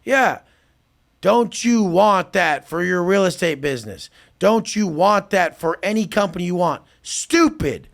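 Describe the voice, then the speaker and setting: A gravelly, fairly high male voice with a lot of pitch movement. He talks like a brash podcast guest. He swears often and mocks others while replaying his own conversations. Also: expressive, normal speed, few pauses. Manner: profane, brash, mocking, acts out both sides of conversations. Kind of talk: casual podcast talk.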